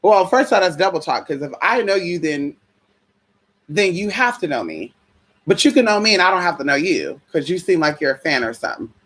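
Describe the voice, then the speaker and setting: Animated, profane storytelling vlogger. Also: medium pitch, brisk, husky. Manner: animated, profane, chatty, calls viewers y'all, girl and honey. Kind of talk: casual storytelling vlog.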